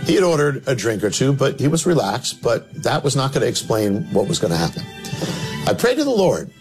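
A man who is a minister tells a story in a sermon, dramatic, with sudden drops to low, emphatic tones. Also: sing-song, a little fast. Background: music.

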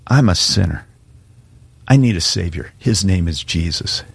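A man preaching a sermon as pastor, earnest and pleading, slowing and speeding up for emphasis as he calls listeners to respond. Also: deep voice, gravelly, breathy edge, no echo. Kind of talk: sermon with altar call.

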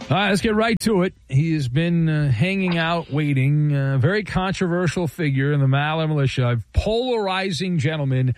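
A man with a high, bright-sitting voice hosts a talk radio show, joking and teasing his callers in quick bursts. Faint music plays underneath the broadcast. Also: no room sound. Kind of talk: casual sports-talk radio banter.

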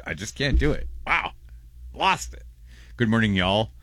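Rambling, laughing radio host. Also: male voice, fairly low pitch, bright, forceful tone, no room sound. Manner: rambling, self-interrupting, laughs often. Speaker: radio co-host reading listener messages. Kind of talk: casual morning radio chat.

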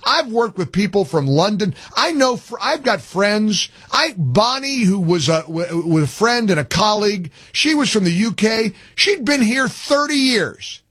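A man's voice: sits high, sing-song, unhurried, hardly any pauses, a bit bright, husky, no room sound. A man hosting a call-in talk radio show, delivering an emphatic monologue and repeating phrases as he builds his point. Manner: emphatic, repeats himself when worked up.

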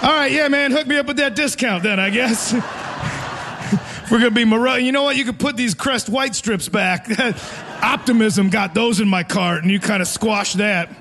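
A man in his forties performs stand-up live in a theater, his voice sitting high for a man. He rambles and mocks himself, often laughing mid-sentence, with faint room noise behind him. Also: normal speed. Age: 40s. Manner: rambling, self-mocking, laughs through lines. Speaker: stand-up comedian. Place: theater stage before a live audience.

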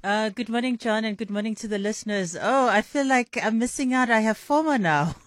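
A woman's voice: fairly high pitch, fairly quick, no echo. A woman calling in to a radio show as a judge, friendly and laughing, with many fillers. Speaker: sponsor representative and judge. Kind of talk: remote guest on a radio show.

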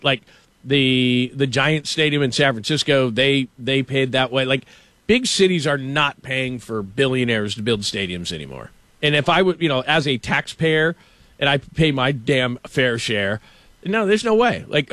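A man hosting a casual sports talk show, ranting with animated stammers about a team's stadium. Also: mid-range voice, moderate pace, dry recording. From Los Angeles. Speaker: show host.

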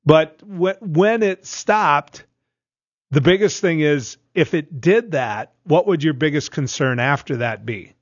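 Guy co-hosting radio, kinda high voice, rambling along, dry and a bit muffled. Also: lively intonation, takes it slowly, husky, no echo. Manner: rambling storyteller with restarts. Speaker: radio co-host. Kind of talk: casual radio banter.

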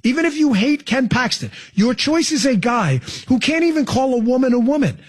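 A man's voice: very high voice, sing-song, a little fast. A man hosting political talk radio, sarcastic and emphatic, mocking what he hears. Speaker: radio talk show host.

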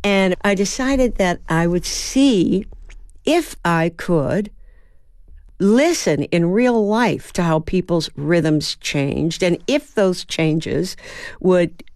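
A woman's voice: on the low side, slow pace, darkish tone, no echo, clean studio sound. A woman in her seventies from Baltimore, an actor and playwright giving thoughtful interview answers and sounding out rhythms as she tells a story. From Baltimore, USA. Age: 70s. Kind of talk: reflective radio interview answers.

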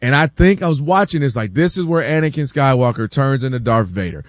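A man hosting a casual sports debate, animated and acting out quotes from other people, often repeating words as he builds his point. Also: medium pitch, brisk, dry recording, clean studio sound. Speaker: sports talk show host.

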